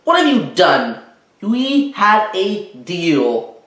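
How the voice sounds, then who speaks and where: A man plays a tired, bargaining mother in a storybook read-aloud. Her voice sits higher than his own, scolding and impatient. The room around it rings a little. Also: very animated, very slow, fairly bright tone, full character voice. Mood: angry. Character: exasperated mother sorting her son's toys. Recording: roomy echo.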